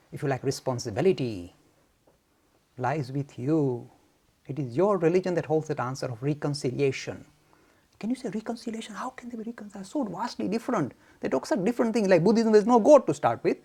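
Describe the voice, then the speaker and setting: A man from India gives a frank, forceful lecture on Hinduism to students. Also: fairly high pitch, creaky, slightly rough. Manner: forceful, frank, animated, mock-arrogant.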